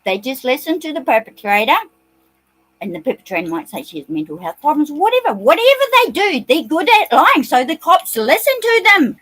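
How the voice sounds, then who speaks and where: A woman's voice: high voice, very animated, a little fast, fairly bright tone, husky, poor audio. Agitated ranting New Zealand woman. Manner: agitated, swearing, rambling. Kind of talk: ranting monologue.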